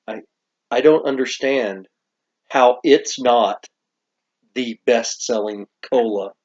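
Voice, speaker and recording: A man's voice: medium pitch, slow, darkish tone. A man with a Southern US accent co-hosting a snack review show, chatting casually and playfully, with bursts of theatrical exclamations. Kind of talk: casual chat. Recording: lo-fi dull recording.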